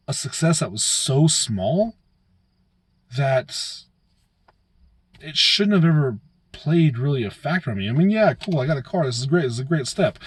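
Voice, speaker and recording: A man's voice: on the high side, husky, no room sound. A man telling a casual, profane, self-mocking story to his viewers as a vlogger.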